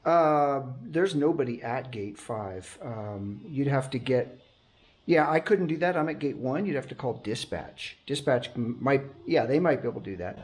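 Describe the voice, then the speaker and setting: A man's voice: medium pitch, expressive, moderate pace. A man working as a night security guard, chatting casually to his action camera from a gate booth in a rambling, restless way. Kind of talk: casual vlog chat to camera.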